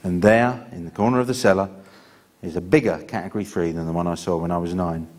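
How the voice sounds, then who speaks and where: A man doing stand-up comedy, telling a story in an animated, theatrical way. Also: sits low, fast talker.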